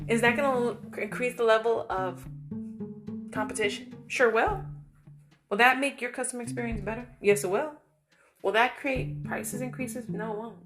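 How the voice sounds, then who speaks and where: A woman's voice: fairly high pitch, moderate pace. A woman vlogger telling an everyday story in a casual, emphatic way and acting out the voices she quotes. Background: guitar music.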